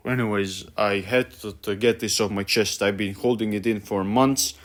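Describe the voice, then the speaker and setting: A man's voice: on the low side, fairly even intonation, normal speed, hardly any pauses, fairly bright tone, slight background noise. A young man ranting about a book he hates, profane and exasperated, stumbling over his words with many fillers. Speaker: vlogger.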